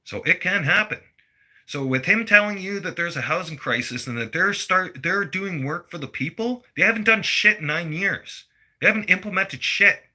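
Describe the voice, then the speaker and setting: Sharp-voiced man ranting. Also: high voice, moderate pace. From Canada. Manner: blunt, heated, heavy swearing. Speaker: vlogger. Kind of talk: profane political rant.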